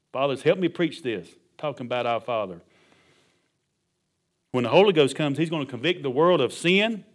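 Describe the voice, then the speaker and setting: Male preacher calling out amen. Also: medium pitch. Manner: emphatic preaching with calls of amen and hallelujah. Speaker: pastor. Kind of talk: sermon.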